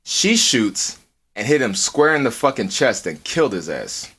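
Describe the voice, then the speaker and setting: A man's voice: a little slow, slightly rough. Man telling a story on a podcast. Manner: swears a lot, animated, acts out quotes in a high voice. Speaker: podcast co-host. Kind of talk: casual storytelling. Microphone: earphones with mic.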